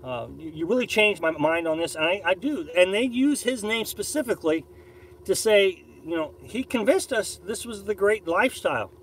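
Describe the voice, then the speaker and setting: Reading his viewers' chat live from a camper on a beach campsite, a man from Missouri rambles, voices strong opinions, and keeps repeating and restarting. His voice sits high and sounds animated at normal speed. The low-quality recording has a little hiss or hum.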